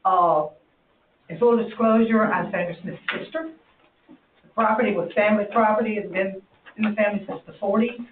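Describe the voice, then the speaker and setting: A woman's voice: medium pitch, normal speed, long pauses, far from the mic, slight background noise. A woman, an emotional neighboring property owner speaking in favor at a hearing. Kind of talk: public comment. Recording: echoey, tinny.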